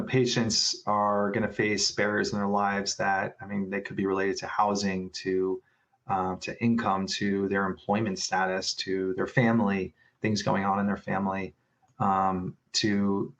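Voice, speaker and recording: A low-voiced man presenting slides in a business webinar. He talks in a halting way, full of restarts and fillers, and keeps circling back to his point. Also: level tone, a bit bright.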